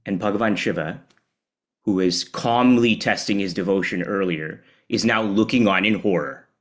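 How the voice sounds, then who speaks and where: A man giving a devotional storytelling talk in an animated, conversational way. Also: lowish voice, normal speed. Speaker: speaker at a temple celebration.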